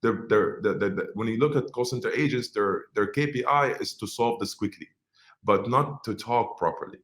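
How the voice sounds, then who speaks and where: A man's voice: lowish voice, moderate pace, a bit bright. A man from Egypt speaking in a business webinar, conversational, with frequent fillers and restarts. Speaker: webinar speaker on social media marketing.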